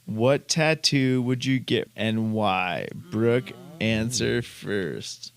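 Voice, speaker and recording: Slow-talking playful husband. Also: male voice, fairly low pitch, vocal fry. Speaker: husband of a guest. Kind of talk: recorded couples game.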